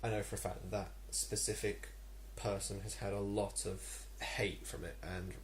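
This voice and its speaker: A man's voice: lowish voice, little pitch movement, normal speed, a little hiss or hum. A young man with an English accent, ranting to camera in a vlog, irritated and rambling with many ums and restarts. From England. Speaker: vlogger.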